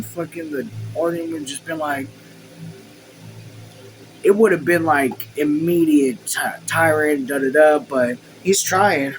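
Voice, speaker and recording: A man hosting a casual book read-along at home, reading the text and even the punctuation aloud, then breaking off into excited, swear-filled asides. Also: on the high side, slow, a little hiss or hum, rough recording. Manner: reads quotes and punctuation marks aloud. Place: his room at home.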